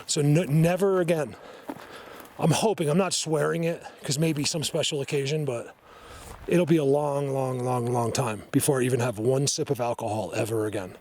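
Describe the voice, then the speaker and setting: A man's voice: a little high, a little hiss or hum. A man talking casually to his viewers while hiking in a forest, rambling and breaking off mid-sentence. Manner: rambling, loose, self-interrupting. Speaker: outdoor vlogger. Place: outdoors in a forest.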